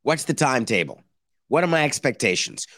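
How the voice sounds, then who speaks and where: A man hosting a sports podcast, delivering a sarcastic, animated monologue and mock-quoting other people. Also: medium pitch, brisk, no echo, studio quality. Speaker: podcast host. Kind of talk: opinionated sports talk monologue.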